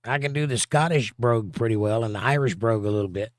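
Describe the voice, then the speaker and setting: A man's voice: mid-range voice, fast, dry recording. A man with a Southern US accent hosting a casual livestream, reading viewer comments aloud with dry, sarcastic humor. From southern United States. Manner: dry, sarcastic, drawling asides. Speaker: livestream host reading chat. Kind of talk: casual chat.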